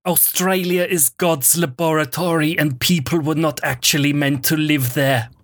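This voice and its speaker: A man doing a hoarse, German-accented impression of a grave older documentary narrator, reading a column aloud for comic effect. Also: fairly high pitch, fairly even intonation, a bit bright, no echo. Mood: solemn. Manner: slow, grave, oddly strident reading.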